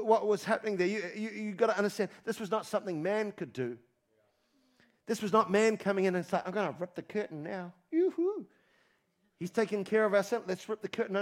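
A man preaching a sermon as pastor, animated and emphatic, repeating phrases for emphasis. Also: sits high. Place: church.

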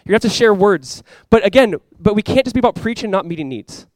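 A young man preaching a sermon to his church in a casual, conversational way, with sudden loud bursts and quiet asides. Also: high voice, lively intonation, quick pace, no echo. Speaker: pastor.

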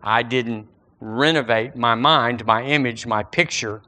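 A man preaching a sermon in a folksy, animated way, full of everyday analogies. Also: mid-range voice, measured pace.

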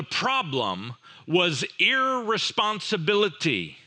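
A man's voice: fairly high pitch, very animated, slow pace, sharp tone. A man preaching a sermon, retelling a parable dramatically with rhetorical questions and voiced characters. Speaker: pastor.

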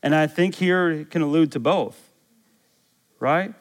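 A man's voice: on the high side, unhurried. A man who is a pastor, preaching a sermon in an emphatic way, reading scripture aloud and putting questions to his listeners. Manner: emphatic, rising to excited exclamations.

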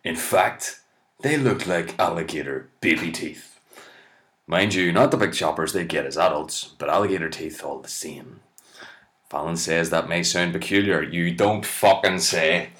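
A comedian reading web articles aloud with exasperated, sweary, mocking asides. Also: male voice, deep voice, measured pace, a bit bright.

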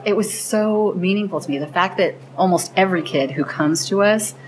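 A woman who founded a program connecting teenagers with seniors is interviewed about it, telling stories with earnest enthusiasm. Her voice is fairly low and moderately paced, while the audio is poor and has crowd noise in the background.

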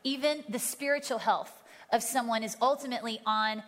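A woman's voice: a little high, fairly even intonation, a little fast, a bit bright. A woman lead pastor co-preaching a sermon in an earnest, reassuring way. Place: church sanctuary. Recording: echoey church hall.

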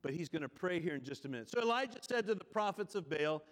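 Male pastor, high voice, chatty sermon full of questions, recorded with reverb. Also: animated, fast talker, hardly any pauses. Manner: conversational preaching with rhetorical questions.

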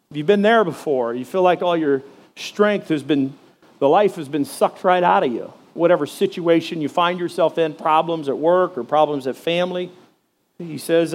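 Conversational male pastor, fairly high voice. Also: moderate pace, darkish tone. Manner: conversational, asks listeners direct questions; fillers and restarts while reading scripture aloud. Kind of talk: sermon.

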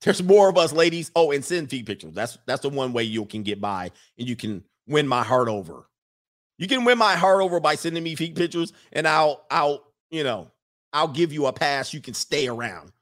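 A man's voice: a little high, big pitch swings, moderate pace. Teasing, boastful man on a livestream. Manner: boastful, teasing, laughs often. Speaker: YouTube livestream host. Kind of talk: casual livestream commentary.

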